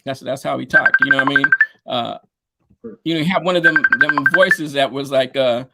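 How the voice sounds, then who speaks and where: A man's voice: mid-range voice, moderate pace, vocal fry, over loud music. A man, a DJ and producer, telling stories in a casual interview, rambling with lots of fillers and slang over a video call. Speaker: guest, DJ and producer.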